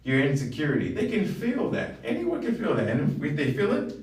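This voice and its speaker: A man's voice: fairly high pitch, wildly swooping pitch, a little fast, a little mellow, distant mic. A man giving a blunt, profane motivational talk as a wellness coach. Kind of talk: motivational monologue. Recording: roomy, from off the mic.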